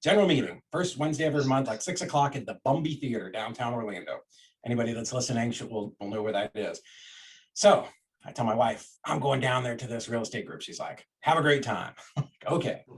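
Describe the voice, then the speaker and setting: A man telling a personal story to an interviewer, conversational and lively. He acts out what he and others said and often restarts his sentences. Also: mid-range voice, quick pace. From Florida, USA. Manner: animated storyteller, acts out quoted voices, many restarts. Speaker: real estate investor and guest.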